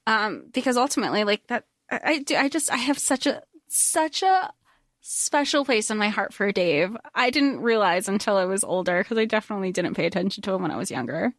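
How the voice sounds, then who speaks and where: Animated woman podcast co-host. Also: medium pitch, dry recording, clean studio sound. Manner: animated, quick retellings with quoted lines. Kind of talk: casual movie recap chat.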